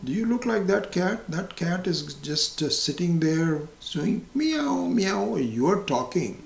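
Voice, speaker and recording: A man's voice: high-pitched, sing-song, gravelly, voice pushed up, full character voice. A man doing a breezy, confident psychiatrist. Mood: persuasive. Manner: brisk, reassuring, persuasive. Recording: roomy hall echo.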